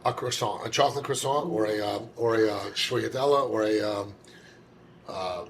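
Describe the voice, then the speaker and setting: A man's voice: on the low side, normal speed, a little hiss or hum. A man, a chef co-hosting a casual chat, blunt and swearing freely. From United States. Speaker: chef and co-host.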